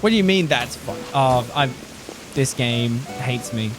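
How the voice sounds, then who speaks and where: Man, game streamer, rambling casual chat, average pitch, music playing behind. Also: animated, unhurried. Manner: rambling, chatty, laughs often. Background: background music.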